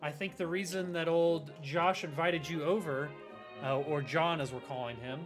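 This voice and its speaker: A man's voice: a little high, fairly even intonation, moderate pace, music in the background. A man running a tabletop horror game on stream as game master, bantering loosely with laughs and swearing.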